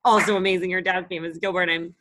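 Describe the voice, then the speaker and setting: A woman's voice: on the low side, steady tone, quick pace, background noise. A woman around thirty, co-hosting a podcast and telling stories in a casual, blunt and profane way. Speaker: podcast co-host. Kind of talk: casual chat.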